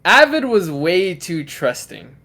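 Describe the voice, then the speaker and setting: A man's voice: high-pitched, big pitch swings, slow pace, pushed and bright. A young man co-hosting a podcast, telling a story in casual chat with constant swearing. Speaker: podcast co-host.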